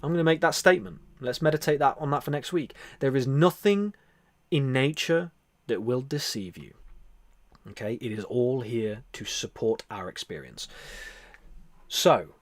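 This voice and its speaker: A man hosting a spiritual livestream, talking earnestly and repetitively, then softly whispering into a close microphone as he guides a meditation. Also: medium pitch, expressive, normal speed, no echo. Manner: earnest, repetitive, soft-spoken. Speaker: livestream host.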